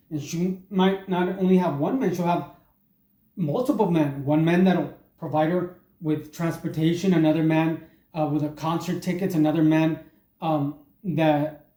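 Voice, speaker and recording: A man in his forties delivers a crude stand-up set in a deadpan, halting way, stumbling over fillers. His voice is slightly raised in pitch yet mellow in tone. The recording sounds roomy and echoey. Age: 40s. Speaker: comedian. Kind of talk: stand-up comedy monologue. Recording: echoey room.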